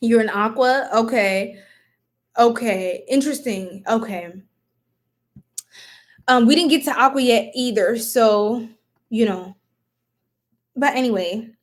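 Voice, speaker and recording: Woman, on the high side, chatty live tarot reader who giggles and goofs off with her viewers. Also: takes it slowly, pauses often. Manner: casual, talks to viewers as y'all. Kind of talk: live-stream tarot reading.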